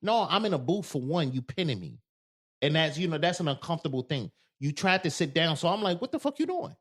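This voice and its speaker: Animated man telling stories, higher voice. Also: a little fast. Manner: animated storytelling, acts out quoted lines loudly. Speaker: podcast co-host. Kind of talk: casual podcast chat.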